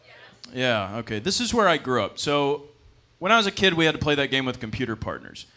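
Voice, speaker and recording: Animated young man doing stand-up. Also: a little fast. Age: 20s. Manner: deadpan storytelling with sudden high-pitched character voices and chuckles. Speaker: stand-up comedian. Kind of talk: stand-up comedy set. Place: comedy club stage.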